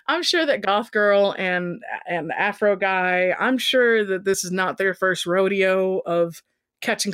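A woman's voice: fairly low pitch, a bit bright, clean tone, dry recording, studio quality. A woman co-hosting a casual comedic review, reading excerpts aloud and giggling between quips. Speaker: podcast co-host. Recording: home recording with thumping from upstairs.

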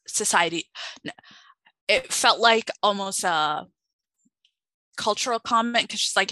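A woman co-hosting a podcast in casual chat, animated and acting out quotes. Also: unhurried, pauses often, no room sound, low-quality recording. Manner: animated, acts out quotes with big pitch jumps. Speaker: podcast co-host.

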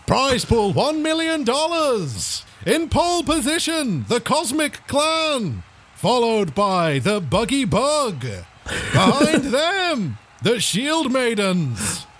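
Man putting on a loud, slow, high-pitched showman race announcer for a tabletop game. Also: sing-song, a little hiss or hum, full character voice. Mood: announcing. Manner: drawn-out showman delivery. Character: booming male race announcer.

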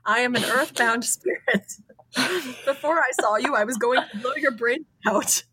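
A skeptical 1930s gentleman investigator recounting his visit in a formal, measured way, read by a woman. The voice is slightly husky, with close, dry sound. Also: extremely high pitch, no echo, pitched above the performer's own voice, heavily acted, rough recording. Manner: formal, measured letter reading. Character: skeptical 1930s male investigator writing a letter.

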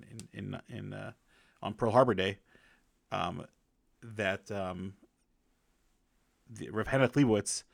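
A man reviewing a book by telling stories in a casual, halting way, with many restarts and fillers, lingering reverently on sayings. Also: on the low side, creaky, no echo, clean studio sound.

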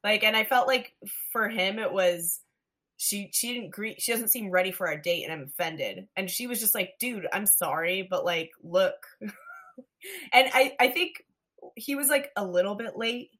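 A woman's voice: medium pitch, expressive, moderate pace, bright, forceful tone. A woman co-hosting a podcast, talking through a film scene by scene in a chatty way, full of "like". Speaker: podcast co-host. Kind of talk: casual movie chat.

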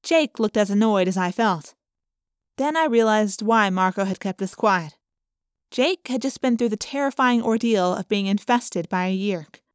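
A woman narrating an audiobook in first person with clear, steady storytelling on a close studio mic. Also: mid-range voice, moderate pace, no room sound.

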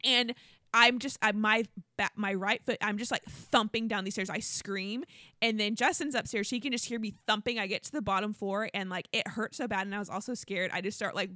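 A woman co-hosting a casual podcast, talking in a chatty, storytelling way. Her voice is bright and forward. The sound is dry and close. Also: steady tone, a little fast, no room sound. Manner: chatty storyteller, acts out quotes in a high voice. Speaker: podcast co-host. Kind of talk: casual chat.

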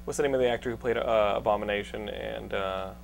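A man hosting a podcast in casual chat, animated and teasing his guests. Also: fairly low pitch, fast talker, vocal fry. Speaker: podcast host.

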